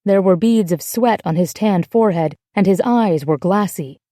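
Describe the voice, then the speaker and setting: A woman reads a novel aloud in an even, measured way, her voice mellow and warm. The recording is dry and close, with no room echo. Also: mid-range voice. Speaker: audiobook narrator. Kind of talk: scripted narration.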